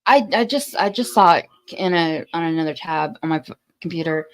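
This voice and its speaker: A woman on a podcast panel, talking in casual chat, animated and stumbling over her words. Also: on the low side, a little fast, rough recording.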